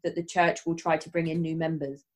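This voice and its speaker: A woman's voice: low-pitched, level tone, fairly quick, darkish tone. A woman hosting an interview, asking questions hesitantly with restarts. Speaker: podcast host.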